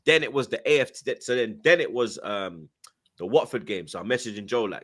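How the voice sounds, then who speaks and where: A man's voice: on the low side, a little fast. A young man telling a story in street slang and acting out what people said. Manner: London slang, acts out quoted lines, excitable. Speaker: podcast guest. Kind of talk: animated storytelling.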